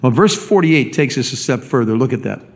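A man's voice: mid-range voice, expressive, fairly quick. A man preaching a sermon as pastor, speaking emphatically and often repeating words as he builds a point.

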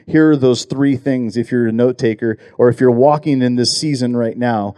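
Earnest, warm-voiced preaching man. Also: mid-range voice, steady tone, clear, resonant tone, no echo, studio quality. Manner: earnest, emphatic, repeats words and slows down for key phrases. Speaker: pastor. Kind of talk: sermon.

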